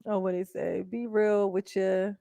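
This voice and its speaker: A woman doing casual live-stream commentary, blunt and profane, chatting directly with her viewers and breaking into quick laughs. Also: mid-range voice, level tone, vocal fry, dark tone, no room sound. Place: indoors at home.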